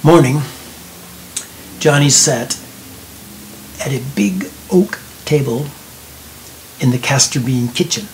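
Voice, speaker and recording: A man narrating a storybook slowly and softly, sometimes sinking into a whisper. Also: medium pitch, a little hiss or hum, low-quality recording. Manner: slow, soft reading that drops into whispers.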